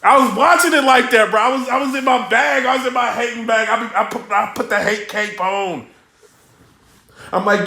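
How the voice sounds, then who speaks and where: Hyped man yelling in an echoey room. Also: very high-pitched, brisk. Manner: hyped, yelling and repeating himself. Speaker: battle rap reaction vlogger. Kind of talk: excitable reaction commentary.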